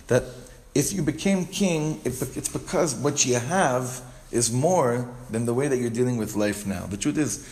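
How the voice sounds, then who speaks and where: A man's voice: medium pitch, normal speed, a little mellow. Man teaching a casual text class. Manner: explains step by step, repeats phrases, frequent restarts.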